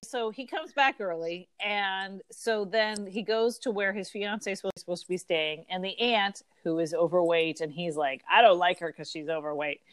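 A woman co-hosting a podcast, chatting casually and quick to laugh at herself. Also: lowish voice. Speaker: podcast co-host. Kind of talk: casual chat.

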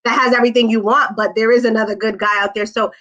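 Bright slangy woman on a lo-fi line. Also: on the high side, flat delivery, fast talker. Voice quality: laid-back slangy talker. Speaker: podcast guest. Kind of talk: casual interview chat. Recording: dull lo-fi remote audio.

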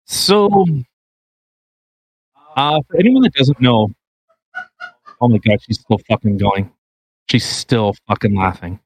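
A man's voice: medium pitch, lively intonation, takes it slowly, long pauses, slightly rough, dry recording, rough recording. A man co-hosting a casual podcast, reading a news article aloud, swearing freely and breaking into laughter. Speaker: podcast co-host.

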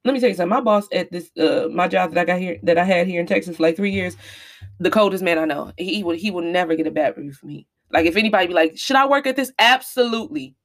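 A woman's voice: fairly low pitch, very fast. A woman in her thirties hosting a podcast, telling her own story in a candid, emphatic, confessional way and talking straight to her listeners. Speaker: podcast host. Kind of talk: candid personal storytelling monologue.

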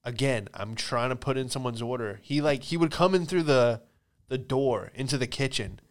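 A man's voice: medium pitch, normal speed. Man telling rambling bar stories. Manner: rambling anecdotes, lots of "like", swearing; breaks into loud laughing impressions. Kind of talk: casual storytelling chat.

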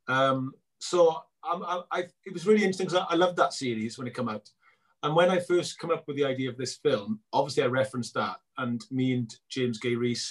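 A middle-aged man, a filmmaker being interviewed, telling animated stories and acting out both sides of conversations. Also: mid-range voice, breathy edge. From Wales. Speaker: guest filmmaker. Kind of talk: casual interview chat.

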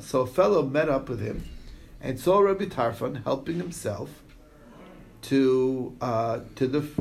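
Gravelly man teaching a text class. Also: mid-range voice. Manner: reads text aloud and explains it in chatty asides; storytelling with frequent "okay?" check-ins. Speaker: Talmud teacher. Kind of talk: casual Talmud class lecture.

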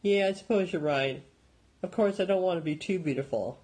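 A man's voice: high voice, fairly quick, a little mellow, breathy edge, voice pushed up, rough recording. A man reading a hot-tempered teenage boy who snaps back defensively. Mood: indignant then joking. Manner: snarling, defensive.

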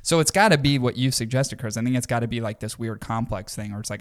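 Brief: male podcast co-host, mid pitch, rambling and earnest. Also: quick pace, hardly any pauses. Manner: rambling, many fillers and restarts, earnest. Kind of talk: casual chat.

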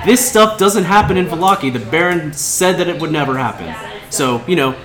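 A man's voice: fairly high pitch, lively intonation, pitched above the performer's own voice, close to an everyday voice. A man voicing a worried townsman who hurriedly asks adventurers for help. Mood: urgent. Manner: hurried, pleading. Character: worried townsman giving the party a quest. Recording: roomy room with crowd chatter.

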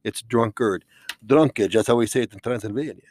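A man's voice: medium pitch, fairly even intonation, fast talker, darkish tone, voice pushed down, close to an everyday voice. A man doing Count Sakula, a tipsy vampire. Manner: slurred, rambling, drunk-sounding. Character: tipsy male vampire count picking football bets.

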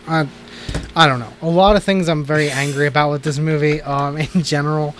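Guy rambling through movie reviews on a podcast, kinda high voice, keeps restarting, laughs a lot. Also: fairly even intonation, a little fast, fairly bright tone, slight background noise. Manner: rambling, self-interrupting, laughs often. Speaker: podcast co-host. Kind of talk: casual movie review chat.

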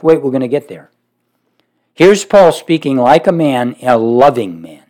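A man delivering a sermon in a mid-pitched voice. He presses his points with sudden forceful rises, then drops to quiet, low asides. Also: lively intonation, a little slow. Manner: emphatic, rising to forceful peaks then dropping low. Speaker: preacher.

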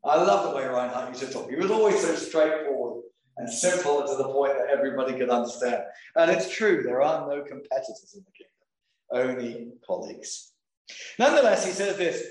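A man preaching a sermon, reading scripture slowly and deliberately between conversational asides. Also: mid-range voice, lively intonation. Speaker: pastor. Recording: very echoey room.

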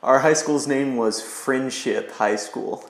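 Relaxed young man guest, roomy echo. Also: medium pitch, takes it slowly. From Texas. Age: young adult. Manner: relaxed, loose with fillers like "like". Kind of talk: casual interview chat.

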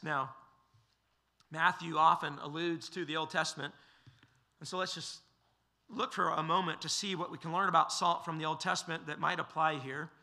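Male pastor, slightly high voice, sermon delivery, measured and emphatic. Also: vocal fry, pushed and bright. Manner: measured, emphatic preaching with occasional fillers. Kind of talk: expository sermon.

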